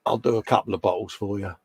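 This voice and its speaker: A man's voice: on the low side, fairly even intonation, fairly quick, darkish tone, breathy edge, no echo. A man co-hosting a casual livestream chat, bantering and calling people mate. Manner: chatty, banters and yawns, calls everyone mate. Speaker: livestream co-host.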